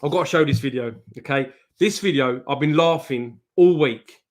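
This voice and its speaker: A man with a mid-range voice speaking at normal speed hosts a live trading stream. He chats casually, greets viewers by name, swears freely and laughs often.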